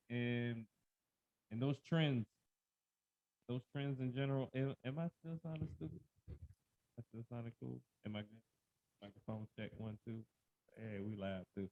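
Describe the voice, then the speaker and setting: A man's voice: medium pitch, moderate pace, long pauses, a little mellow, no room sound. Mumbling man on a dull lo-fi mic. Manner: mumbling, rambling, self-conscious. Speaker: podcast co-host. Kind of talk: casual chat.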